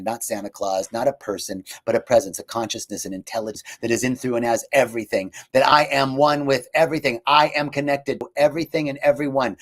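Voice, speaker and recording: A man giving a spiritual sermon and leading affirmations, repeating his phrases and swinging between loud declarations and hushed near-whispers. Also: mid-range voice. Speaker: spiritual teacher. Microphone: live stream.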